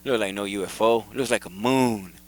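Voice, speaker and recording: A man hosting his own video, casually and excitedly talking viewers through photos and repeating himself as he points things out. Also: on the low side, brisk, dry recording, poor audio. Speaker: video host. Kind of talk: casual commentary over photos.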